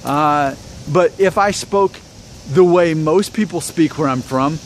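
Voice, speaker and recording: A YouTube vlogger from Alabama talks casually to camera in a slow, somewhat high voice, rambling and self-deprecating with lots of fillers and restarts. A little hiss or hum is audible.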